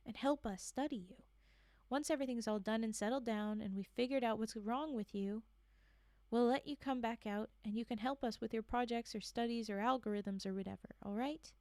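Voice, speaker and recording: A woman's voice: on the high side, a little fast, darkish tone, no room sound, lightly acted. Woman doing a condescending doctor, dismissive, patronizing, dry close sound.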